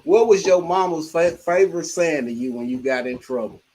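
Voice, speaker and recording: Husky older man telling lively stories. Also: a little high, brisk, low-quality recording. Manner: animated, laughing storyteller, acts out his mother's scolding. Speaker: livestream host. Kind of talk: casual storytelling chat.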